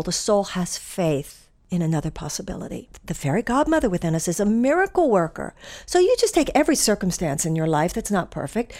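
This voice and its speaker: A woman giving an inspirational talk, earnest and animated as she tells a story. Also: mid-range voice. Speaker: spiritual teacher.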